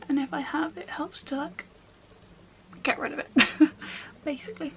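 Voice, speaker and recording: A young woman chatting casually through a makeup tutorial, slangy and relaxed, often dropping into soft half-whispered asides. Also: sits high, normal speed, slight background noise. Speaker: beauty vlogger.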